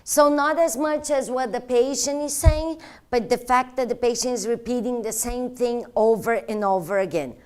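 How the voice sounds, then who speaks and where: A woman teaching interpreters, explaining step by step in an earnest instructional tone with slightly non-native phrasing. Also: fairly high pitch. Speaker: interpreter trainer. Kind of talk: instructional talk.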